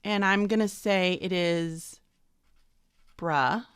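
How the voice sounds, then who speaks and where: A woman's voice: medium pitch, expressive, moderate pace, fairly bright tone, no room sound, studio quality. A woman teacher trainer walking through a vocabulary worksheet on screen, upbeat and self-deprecating, talking while she writes. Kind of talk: instructional screen walkthrough.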